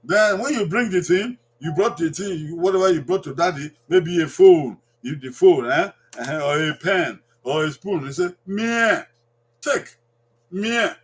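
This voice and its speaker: Nigerian man, high voice, slow and patient, teaches words by repeating them. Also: expressive, slightly rough. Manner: repeats words slowly, drawing them out for learners. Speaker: language teacher. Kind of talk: language lesson.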